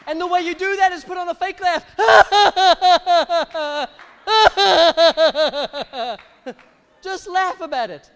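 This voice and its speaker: High-voiced, animated preacher in a reverberant hall. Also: male voice, fast, hardly any pauses. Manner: animated, bursts into exaggerated laughs. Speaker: pastor. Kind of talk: sermon. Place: church hall. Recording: long church hall reverb.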